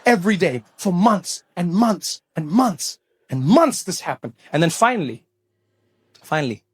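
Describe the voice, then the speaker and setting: A man performing stand-up comedy on a live stage, telling a story in an animated way with sudden loud bursts. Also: high-pitched, a little slow, husky, dry recording, studio quality.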